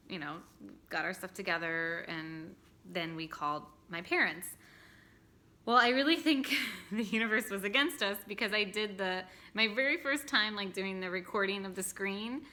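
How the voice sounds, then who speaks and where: A tired young woman chats to the camera in a bright, forward voice. She laughs often and leans on ums and likes as she talks. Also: mid-range voice. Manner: chatty, laughing often, many fillers. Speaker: vlogger. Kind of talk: casual chat to camera.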